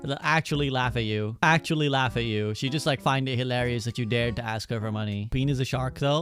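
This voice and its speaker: Man, streamer, casual tier-list chat, rambling, self-correcting, faint music behind. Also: mid-range voice.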